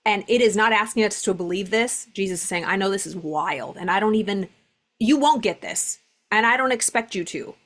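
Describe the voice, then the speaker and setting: A woman's voice: medium pitch, fairly quick, a bit bright. A woman giving a casual spiritual lesson, talking loosely with lots of fillers and reading passages aloud. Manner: conversational, many "like" fillers, reads passages aloud. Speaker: spiritual teacher.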